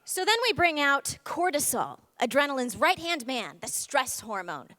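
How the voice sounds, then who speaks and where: A young woman performing a comic stage monologue, animated and self-mocking. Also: high voice, moderate pace, hardly any pauses. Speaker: storyteller performer. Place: theater stage. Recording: long theater reverb.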